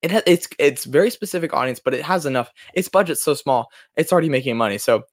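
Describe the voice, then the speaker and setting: A man giving a casual, rambling film review, excited and full of restarts and self-corrections. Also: on the high side, quick pace, no echo, clean studio sound. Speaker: movie reviewer.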